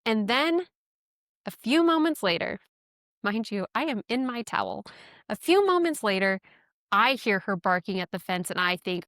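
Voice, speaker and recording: A woman's voice: mid-range voice, a little slow, long pauses, fairly bright tone, dry recording, studio quality. A woman hosting a podcast, telling a personal story in a chatty, self-deprecating way and laughing often. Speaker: podcast host.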